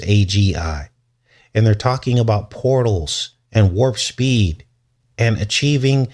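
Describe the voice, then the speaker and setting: Male commentary host, lower register, loose and jokey delivery with frequent chuckles. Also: darkish tone. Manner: rambling, joking, chuckles between points. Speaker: channel host. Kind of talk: casual commentary show.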